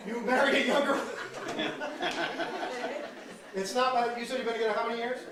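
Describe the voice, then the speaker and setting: A man's voice: extremely high pitch, normal speed. Male stand-up host, teasing crowd work, distant mic, noisy audience. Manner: teasing, loud banter with audience members. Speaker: stand-up comedian hosting a crowd game. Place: live venue with audience. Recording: echoey room, far mic, crowd noise.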